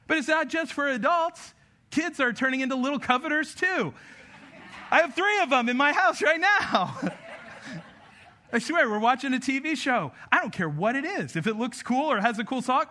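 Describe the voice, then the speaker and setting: A young man preaching a conversational sermon, energetic and joking in asides about his kids. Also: extremely high pitch, normal speed. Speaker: pastor.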